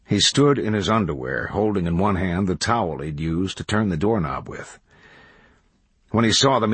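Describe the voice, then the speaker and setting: A man reading a novel aloud as audiobook narrator, in measured, even storytelling. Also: sits low, slightly rough, dry recording. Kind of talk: scripted narration.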